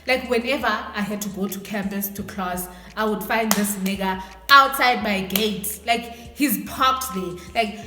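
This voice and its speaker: A young South African woman casually telling a story time to her viewers, animated and acting out what people said. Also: mid-range voice, a little slow, few pauses, background noise. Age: young adult. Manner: animated, switches into Xhosa phrases, acts out quotes. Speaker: vlogger. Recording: echoey room with faint background music.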